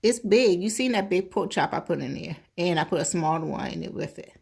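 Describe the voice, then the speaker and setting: A woman's voice: on the low side, animated, fairly quick, gravelly, darkish tone, slightly rough. A woman hosting a casual cooking vlog, chatting to viewers as y'all and tasting food on mic. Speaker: cooking channel host.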